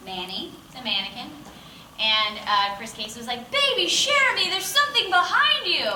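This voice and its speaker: A woman voice actor tells a funny anecdote in a bubbly, self-mocking way, often acting out the voices of the people in it. Her voice sits a little high. She sounds far from the mic in an echoey room, with noticeable background noise. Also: pushed and bright. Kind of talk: casual anecdote telling. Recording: roomy, distant mic with clear room noise.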